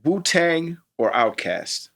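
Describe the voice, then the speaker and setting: A playful man co-hosting a podcast, with a bright, forward voice set a touch high. His pitch bounces around a lot as he jokes and replays his own lines. He laughs easily between his words. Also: sing-song, slow, slight background noise. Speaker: podcast co-host. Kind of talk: casual chat.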